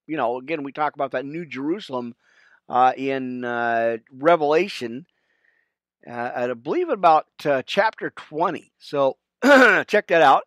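A man's voice: medium pitch, animated, unhurried, a bit bright, no echo. A man hosting a Bible study podcast, leading prayers and reading scripture with emotion, often calling his listeners friends. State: choked up. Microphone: wired mic with cable under shirt.

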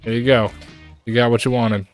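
A man streamer doing gameplay commentary, grumbling and frequently jumping into high-pitched, exasperated outbursts at the game. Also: little pitch movement, brisk, soft background music.

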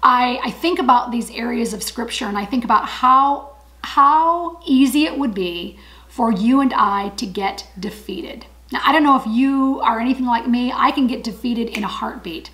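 A woman's voice: on the high side, moderate pace, fairly bright tone, poor audio. A woman giving an encouraging Bible study talk, earnest and emphatic, repeating her key phrases.

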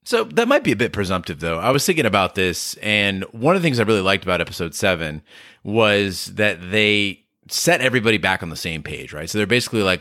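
A man co-hosting a podcast, talking quickly and emphatically in casual discussion. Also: lowish voice, big pitch swings, bright, forceful tone, dry recording, studio quality. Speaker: podcast co-host.

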